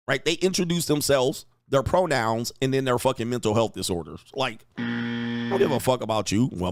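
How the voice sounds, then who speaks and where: An online talk show host reads chat and goes on loud, brash, profane rants punctuated by laughter in this casual live-stream commentary. His voice is mid-range, and the recording is studio quality with no room sound.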